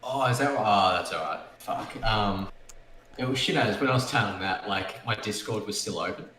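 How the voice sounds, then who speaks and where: A man's voice: fairly low pitch, normal speed, bright, forceful tone. A man, co-hosting a podcast and telling a rambling, self-deprecating story in casual chat. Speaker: podcast co-host. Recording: roomy mic with faint background noise.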